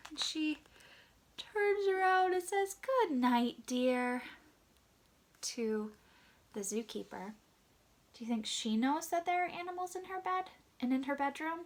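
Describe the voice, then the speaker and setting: A woman reading a picture book aloud to young children, asking them gentle questions and sometimes dropping to a hushed whisper. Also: very high voice, animated, a little slow. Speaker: children's story reader.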